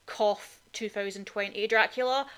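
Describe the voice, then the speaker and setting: A woman's voice: medium pitch, fairly even intonation, moderate pace, a bit bright, smooth. A woman co-hosting a podcast, chatting casually and with strong opinions about films, with lots of "like" fillers. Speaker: podcast co-host. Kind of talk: casual film chat.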